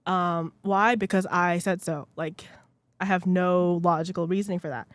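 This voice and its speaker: A woman's voice: moderate pace, dry recording. A young woman hosting her own podcast, rambling and self-deprecating in casual chat, filling every sentence with "like" and drifting off the microphone now and then. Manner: lively swings in pitch and loudness. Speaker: podcast host. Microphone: podcast microphone, sometimes speaking away from it.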